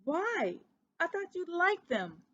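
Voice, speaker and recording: Storybook figure: woman reading as a kind young mouse cousin, very high, wide-eyed and insistent. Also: sing-song, slow, fairly bright tone, dry recording, muffled recording, heavily acted. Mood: curious.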